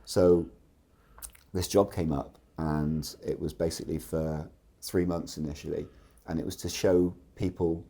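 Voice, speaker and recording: A man's voice: a bass voice, flat delivery, unhurried, warm tone. A man, a podcast guest telling chatty, rambling anecdotes. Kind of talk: casual storytelling.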